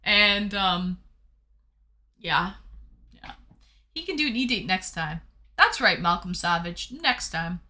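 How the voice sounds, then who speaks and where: Bubbly woman streamer, very bright and lively, effusive casual chat. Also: mid-range voice, takes it slowly, long pauses. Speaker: streamer hosting viewer dates.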